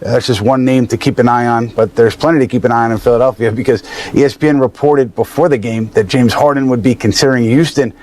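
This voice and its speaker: A man reading out a sports news article in a measured, steady way. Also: medium pitch.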